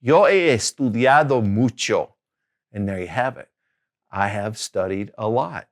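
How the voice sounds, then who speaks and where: A man teaching a casual video lesson, chatty and relaxed, slowly repeating each Spanish word twice. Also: lowish voice. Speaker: Spanish tutor.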